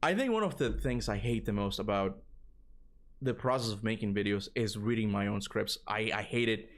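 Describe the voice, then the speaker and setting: A gaming streamer with a fairly low, animated voice reads a fan theory aloud on his livestream at a moderate pace. He stumbles over the reading and breaks into casual asides, often saying "bro" and "you know."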